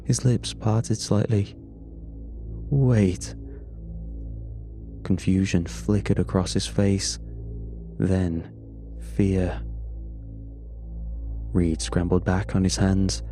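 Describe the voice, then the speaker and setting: Slow, deep-voiced male horror narrator. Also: level tone, dark tone. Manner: measured, grim storytelling. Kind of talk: first-person horror story narration. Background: faint music.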